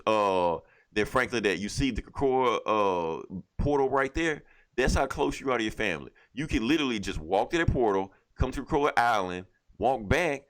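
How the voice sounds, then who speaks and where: A man's voice: medium pitch, fairly bright tone. A man co-hosting a casual podcast, animatedly retelling a comic plot and acting out the characters' lines with plenty of cursing. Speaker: podcast co-host. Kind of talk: casual comic book review chat.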